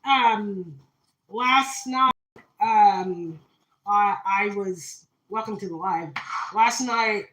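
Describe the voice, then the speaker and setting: A woman's voice: medium pitch, very slow, fairly bright tone, reverberant, rough recording. A woman giving a dramatic tarot reading on a live stream, talking straight to her viewers with plenty of fillers. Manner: dramatic, spiritual, talks to viewers, many fillers. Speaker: tarot reader.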